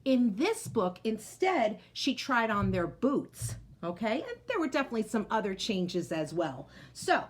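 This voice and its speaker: Woman teacher, story read-aloud for kids, high and very animated pitch. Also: measured pace, few pauses. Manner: animated, talks directly to young listeners.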